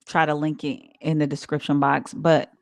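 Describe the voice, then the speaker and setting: A woman co-hosting a casual podcast, giving earnest, measured advice. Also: sits low, flat delivery, vocal fry, no echo, studio quality. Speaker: podcast co-host. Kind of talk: casual chat.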